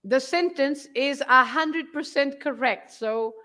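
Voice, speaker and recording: A woman's voice: high voice, slow pace, sharp tone. A woman whose first language is Portuguese, patiently explaining grammar step by step as a language teacher. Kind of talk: casual language lesson.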